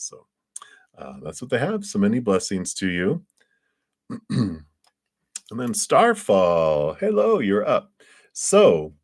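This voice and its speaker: A man giving a casual, upbeat and reassuring tarot reading on a livestream, a little drowsy and yawning. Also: low-pitched. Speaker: tarot reader.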